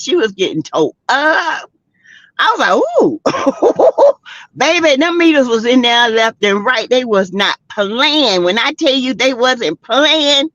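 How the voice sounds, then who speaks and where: A woman's voice: fairly high pitch, no room sound. A middle-aged woman, hosting a casual gossip livestream and chatting straight to her viewers. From South Carolina, US. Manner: animated, exclaims, talks straight to the chat. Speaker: livestream host. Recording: dull lo-fi stream audio.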